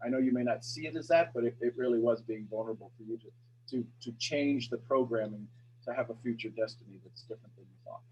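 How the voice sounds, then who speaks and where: A man hosting a coaching call, talking in an energetic, encouraging way. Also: mid-range voice, fast talker, a little hiss or hum, low-quality recording. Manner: energetic, encouraging, talks to the audience directly. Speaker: coaching show host.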